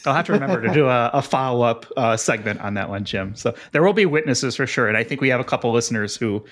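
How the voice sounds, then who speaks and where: A man hosting a podcast, joking with his guest in a relaxed way and reading show promos. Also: mid-range voice, quick pace. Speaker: podcast host. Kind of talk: casual podcast chat.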